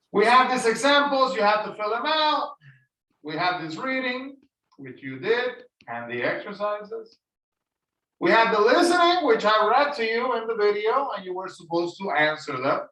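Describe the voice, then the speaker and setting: High, bright-voiced man teaching English. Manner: explains slowly, repeats phrases. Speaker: ESL teacher. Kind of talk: online English lesson. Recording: roomy echo, voice heard from a distance.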